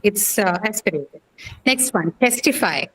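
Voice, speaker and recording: A woman's voice: medium pitch, lively intonation, measured pace, fairly bright tone, a little hiss or hum, poor audio. A woman teaching English pronunciation in a class, quizzing students patiently with many fillers and questions. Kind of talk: online class lecture.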